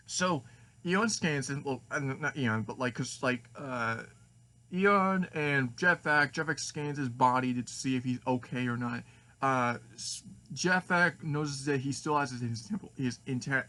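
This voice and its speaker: A man talks through a fan story idea in a rambling, stop-start way. His voice is bright and sits at a middle pitch. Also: a little slow. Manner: rambling, full of restarts and fillers. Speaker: fan video maker.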